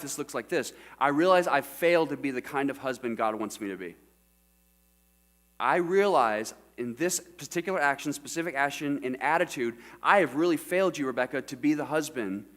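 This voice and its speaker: A man's voice: on the high side, fairly bright tone. A middle-aged man preaching a sermon as pastor, often putting questions to the congregation. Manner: asks the congregation frequent questions. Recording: church sermon recording with mains hum.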